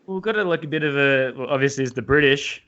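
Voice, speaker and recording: A man's voice: medium pitch, fast, sharp tone, lo-fi sound. Laughing Australian man hosting a podcast. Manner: laughs often, easygoing, chatty. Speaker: podcast host. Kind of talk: casual interview chat.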